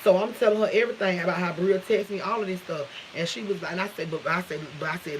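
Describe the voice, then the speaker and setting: Profane storytelling woman, lower voice. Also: fast talker, hardly any pauses, background noise. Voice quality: profane, dialect-rich, acts out quotes. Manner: animated retelling with shifting quoted voices. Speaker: vlogger. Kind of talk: casual storytime vlog.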